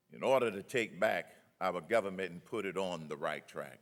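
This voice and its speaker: An older man delivering a rousing political speech at a conference, building to loud emphatic peaks. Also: sits low, moderate pace, few pauses. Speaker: conference keynote speaker. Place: conference hall.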